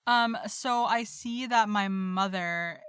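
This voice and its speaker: A woman's voice: medium pitch, fairly bright tone, clear, resonant tone, no echo. A woman playing in a tabletop game, hesitant and full of ums as she describes her character's moves. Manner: slow, hesitant, many ums. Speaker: player. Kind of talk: casual tabletop play.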